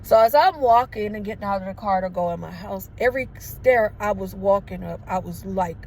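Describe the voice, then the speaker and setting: A woman's voice: mid-range voice, fairly quick, a little mellow, a little hiss or hum. A woman in her thirties telling a personal story to her viewers in a casual, emotional way. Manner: emotional, conversational, addresses viewers as y'all. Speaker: vlogger. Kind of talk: storytelling to camera.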